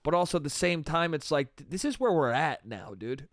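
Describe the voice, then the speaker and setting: A man's voice: a little high, animated, a little fast, no room sound, studio quality. A man hosting a solo comedy podcast, rambling casually and swearing, with "dude" and "bro" at the end of his sentences. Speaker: podcast host.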